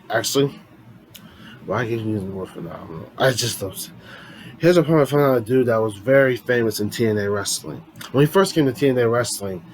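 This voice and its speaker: A man's voice: mid-range voice, a little hiss or hum, low-quality recording. A man casually reading his own poems to viewers, rambling and often restarting sentences. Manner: rambling, with frequent restarts and self-corrections; chatty, speaks directly to viewers as friends. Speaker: poetry vlogger.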